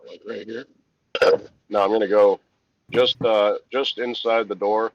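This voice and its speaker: A man's voice: lowish voice, flat delivery, measured pace, no echo, highs cut off. A man playing a tabletop game, casual and profane, thinking aloud. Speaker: player.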